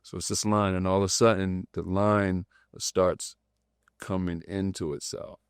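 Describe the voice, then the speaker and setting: Low-voiced man telling a story. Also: measured pace, clear, resonant tone, dry recording, studio quality. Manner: animated storytelling, acting out quoted voices, loose slangy speech. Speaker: podcast host. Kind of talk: casual conversation.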